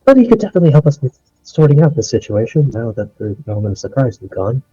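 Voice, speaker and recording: Dark, husky-voiced male player. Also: mid-range voice, big pitch swings, fast, no echo, soft background music. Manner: plans aloud, directing the group. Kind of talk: casual tabletop game chat. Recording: dull lo-fi audio.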